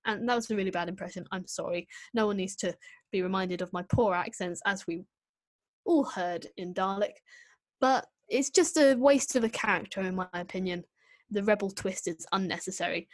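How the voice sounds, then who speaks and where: A woman chats through an episode review with opinionated energy and quick asides. Her voice sits in a middle pitch. The recording is close and dry, with no room sound. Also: no room sound. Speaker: podcast co-host reviewing an episode. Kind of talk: casual chat.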